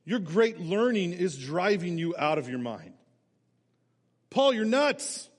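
A loud, scoffing governor, as a preacher puts him on, mocking and incredulous. He talks up high and pushes the voice. Long church-hall reverb trails every line. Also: very animated, slow, exaggerated voice.

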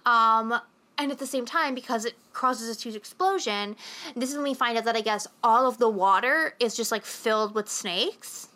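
Bright-voiced young woman podcaster. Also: a little high, moderate pace. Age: young adult. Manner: rambling, heavy swearing and filler words. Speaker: podcast co-host. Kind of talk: casual movie recap chat.

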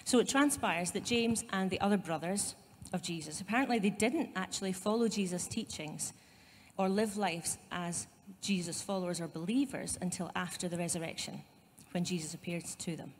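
A woman's voice: lowish voice, moderate pace, in a large hall, slight background noise. A woman pastor with a Scottish accent giving a conversational sermon, with asides to her congregation. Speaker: site pastor. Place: church.

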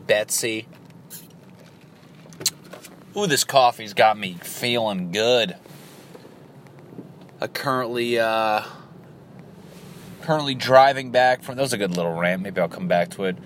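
A man's voice: fairly low pitch, fairly bright tone. A comedian rambling through crude, profane jokes while driving, laughing at his own bits. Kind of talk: rambling comedy workshop monologue. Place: car, driving. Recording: car road noise behind.

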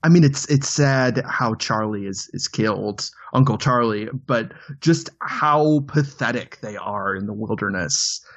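A man co-hosting a film podcast, talking casually with many halting restarts. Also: lowish voice. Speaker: podcast host. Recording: dull lo-fi sound.

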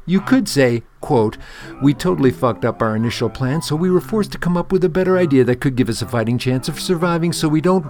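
A man presenting a scripted rant segment on a podcast, gruff and profane. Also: medium pitch, a little mellow, natural voice.

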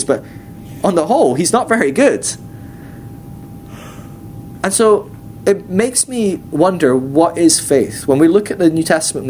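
A man's voice: a little high, a little mellow, slight background noise. A man giving a casual, chatty Bible class, acting out quotes in different voices. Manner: chatty, uses many fillers and acts out quotes. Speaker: teacher at a ministry school. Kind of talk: casual teaching talk.

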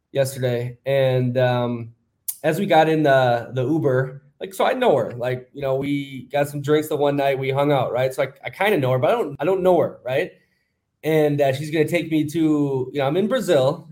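A man co-hosting a podcast rambles through a lengthy story, casual and heavy on fillers. His voice sits at a medium pitch with a darkish color.

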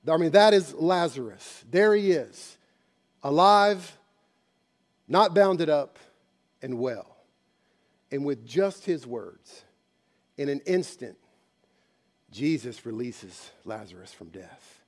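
A man preaching a sermon, telling a story dramatically and moving between hushed passages and loud ones. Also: high voice, takes it slowly. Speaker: pastor.

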